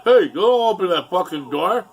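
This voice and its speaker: A man's voice: high voice, a little slow, creaky, husky, pitched above the performer's own voice, full character voice. A man putting on a volatile, swearing older man in a story. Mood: barking. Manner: loud, barking, cackling.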